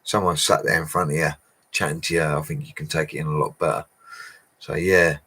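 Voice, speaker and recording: A man's voice: extremely low pitch, fairly even intonation, fairly quick, pushed and bright, breathy edge. A man, a bricklayer casually answering live chat questions in a matey, chatty way and laughing often. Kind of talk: casual livestream Q&A.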